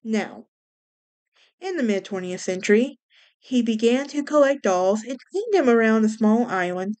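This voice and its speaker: A woman's voice: a little high, expressive, moderate pace, darkish tone. A woman from Alabama with a Southern US accent, hosting a casual solo podcast in a chatty, rambling way with wry asides and a mild speech impediment. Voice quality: self-described speech impediment. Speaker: podcast host.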